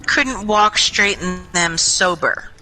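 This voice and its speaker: Bright-voiced young woman telling a chatty story. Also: lowish voice, slow pace, soft background music, low-quality recording. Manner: chatty, animated, swears freely. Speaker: gaming group member. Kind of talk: casual storytelling in game voice chat. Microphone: headset or desk mic in online voice chat.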